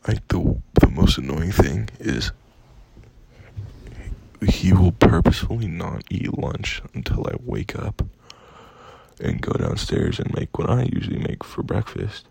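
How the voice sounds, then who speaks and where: A young man venting in a casual storytime rant, profane and exasperated, with a gravelly, husky voice. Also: sits low, big pitch swings, unhurried, noisy background. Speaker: vlogger.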